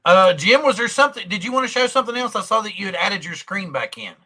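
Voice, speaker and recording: A man hosts a loose panel chat over a video call, rambling from one thought to the next and laughing often. His voice sits high and sounds bright. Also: lively intonation, quick pace. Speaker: host.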